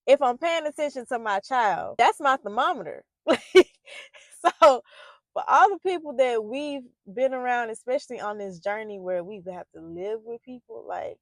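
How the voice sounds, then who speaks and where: A woman's voice: a little high, animated, moderate pace, creaky, no echo. A woman giving a heartfelt reflective monologue about parenting. She speaks loosely, with many fillers and restarts, and turns emphatic when she drives a point home. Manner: grows emphatic and loud when making her points. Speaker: poet and parenting vlogger.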